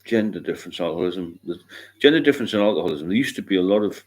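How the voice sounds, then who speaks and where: A middle-aged man from England chats casually on a livestream in a very low voice. He talks bluntly and swears freely. He drifts into long rambling stories. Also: animated, rapid-fire. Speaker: livestream host.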